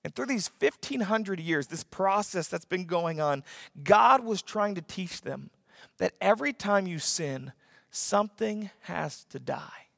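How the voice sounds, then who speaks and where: A man with a high voice preaches a sermon, telling the story vividly and acting out voices. He builds to sudden shouts for emphasis. His voice sounds dry up close yet trails off into a long hall reverb. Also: animated, unhurried, creaky. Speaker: pastor.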